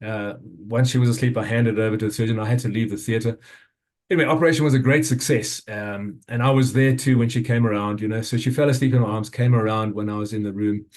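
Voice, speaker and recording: A South African man in his fifties, speaking at a summit and sharing a personal story in an earnest, halting way, with frequent restarts and fillers. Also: lowish voice, fairly even intonation, a little mellow.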